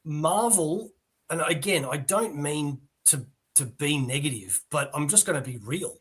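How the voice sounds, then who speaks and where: A man's voice: fairly high pitch, lively intonation, unhurried, a bit bright, husky. A man, talking casually and bluntly about comics as a guest. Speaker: podcast guest. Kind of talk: casual chat.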